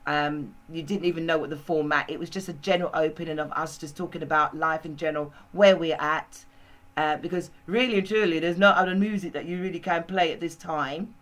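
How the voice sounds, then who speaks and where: A woman's voice: low voice, steady tone, brisk, rough recording. A woman hosting a casual group chat, rambling and laughing easily. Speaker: host.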